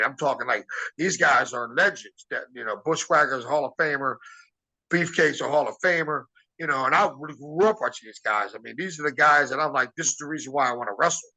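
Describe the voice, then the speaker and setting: A man's voice: medium pitch, sharp tone, poor audio. A man, a former wrestler, telling rambling anecdotes in a casual interview and acting out the dialogue he quotes. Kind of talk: casual storytelling.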